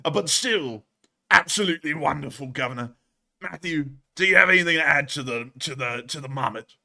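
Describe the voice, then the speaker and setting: A man hosting a casual live stream, excitable and laughing often, with sudden loud exclamations. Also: fairly high pitch, a little fast, creaky. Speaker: livestream host.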